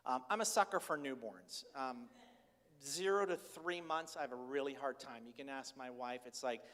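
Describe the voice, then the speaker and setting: Older pastor, chatty and candid. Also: male voice, medium pitch, normal speed. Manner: candid, chatty, animated storytelling. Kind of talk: conversational sermon. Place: church sanctuary. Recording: reverberant church hall.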